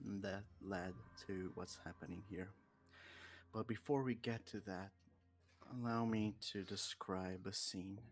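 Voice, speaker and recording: A man narrating as game master of a tabletop game, setting scenes in a measured, unhurried way. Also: lowish voice.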